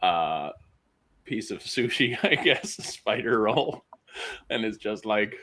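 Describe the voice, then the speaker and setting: A man's voice: fairly low pitch, expressive, slow pace, bright, forceful tone. A man playing a tabletop role-playing game, speaking hesitantly with amused asides. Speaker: player. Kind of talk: tabletop role-play chat.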